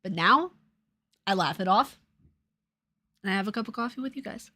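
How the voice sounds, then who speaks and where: A woman with a New Jersey and New York accent talks casually to her livestream chat. She is sarcastic and profane, swinging from loud retorts to low mutters. Her voice sits at an ordinary middle pitch. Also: expressive, moderate pace. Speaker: streamer.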